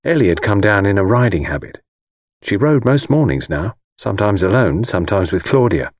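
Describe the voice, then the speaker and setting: Male audiobook narrator, low voice with a lively melody, dry close sound, unhurried. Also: dry recording. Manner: measured, reflective storytelling.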